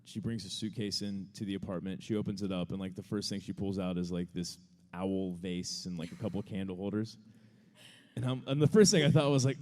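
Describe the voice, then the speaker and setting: A man tells a personal story to a live audience, rambling and laughing at himself. His voice sits low and mellow. The sound rings with the long reverb of a large hall. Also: a little fast. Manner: casual, rambling, self-deprecating, laughing often. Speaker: podcast co-host answering audience questions. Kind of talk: live storytelling answer on stage.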